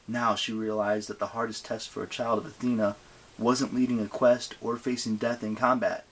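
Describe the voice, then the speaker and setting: A man narrating an audiobook with expressive reading. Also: fairly low pitch, normal speed, breathy edge.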